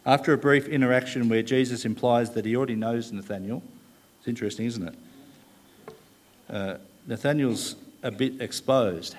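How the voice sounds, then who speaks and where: A man delivers a sermon from the pulpit in a steady, mid-pitched voice. He talks things through thoughtfully and pauses often with "uh". He slows down to stress key words before moving on. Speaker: preacher.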